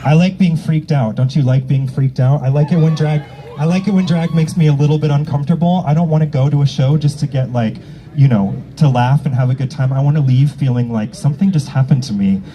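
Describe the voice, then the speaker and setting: A man's voice: fairly high pitch, a little fast, mellow, rough recording. A man hosting as a drag emcee at an outdoor rally, bantering with the audience in a brash, teasing and profane way. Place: outdoor public square at a rally. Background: faint crowd.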